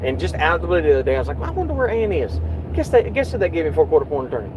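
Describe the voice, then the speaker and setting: A man's voice: fairly high pitch, lively intonation, rapid-fire, noisy background. Heated man venting in a car. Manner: agitated, swearing, reenacts quotes loudly. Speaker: YouTube channel host. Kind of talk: casual vlog chat in a car.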